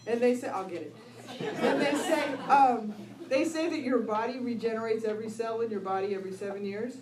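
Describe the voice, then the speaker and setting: In a brisk, slightly high voice, a middle-aged woman recounts her recovery to an audience, laughing a lot and tossing in "right?" along the way. A crowd and other noise can be heard behind her. She's recorded from far off in an echoey space.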